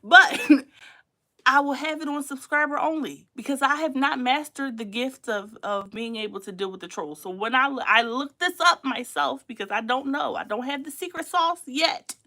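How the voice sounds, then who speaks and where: A woman's voice: sits high, moderate pace, pushed and bright. A young adult woman, hosting a casual livestream in a chatty, emphatic way that repeats points and laughs often. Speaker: livestream host.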